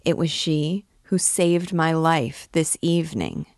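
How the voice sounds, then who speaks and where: An earnest, wordy young poet, gallant and pleading, read by a woman in her own low voice. He talks a great deal and wheedles politely. The sound is close and dry, with no room around it. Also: slow pace, darkish tone, no room sound. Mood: musing.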